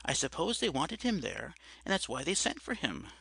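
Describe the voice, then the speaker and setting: A man's voice: on the high side, very animated, normal speed, vocal fry, bright, forceful tone, husky, dry recording, pitched above the performer's own voice, full character voice. A man voicing a meek pleading drunkard. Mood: timid, pleading. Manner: timid, pleading, apologetic.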